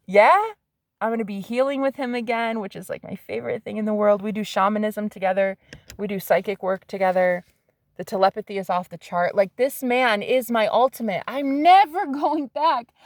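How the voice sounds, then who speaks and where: A woman giving a casual tarot reading to her viewers, excitable and swearing freely, swinging from hushed asides to loud exclamations. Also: medium pitch, no echo, studio quality. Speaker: psychic medium and tarot reader.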